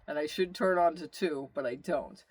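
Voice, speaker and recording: Rambling, animated man telling a road story. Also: a little high, normal speed, husky, no echo. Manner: rambling, animated, with asides and quoted exclamations. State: tired. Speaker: vlogger telling his travel story. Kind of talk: casual storytelling monologue.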